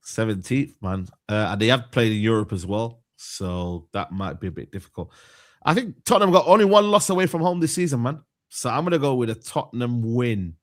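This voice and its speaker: Low-key male panelist, mumbled casual delivery, football chat. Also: lively intonation, a little fast. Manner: mumbled, low-key, says "man" often. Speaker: podcast panelist. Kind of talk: casual football podcast banter.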